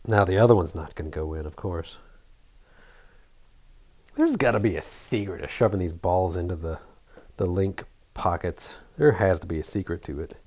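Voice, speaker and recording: A middle-aged man with a faint, mostly flattened Southern American accent, chatting casually and muttering to himself while working at a bench. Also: low-pitched, moderate pace, pauses often. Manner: rambling, self-deprecating, mutters while working. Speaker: hobby shop owner building an RC truck.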